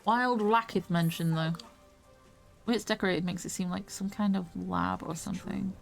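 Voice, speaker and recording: A woman's voice: fairly low pitch, steady tone, moderate pace, gravelly, soft background music. A woman streamer chatting and swearing casually as she plays a video game live. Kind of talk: live gameplay commentary.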